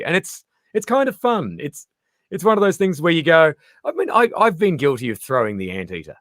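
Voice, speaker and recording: A man in casual interview chat, an animated storyteller who acts out the voices he quotes. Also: high-pitched, brisk, no echo, studio quality. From Australia. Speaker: comedian guest.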